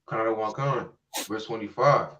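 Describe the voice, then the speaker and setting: A man reading scripture aloud in a steady, measured way. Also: fairly low pitch. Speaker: scripture reader. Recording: dull, distant mic.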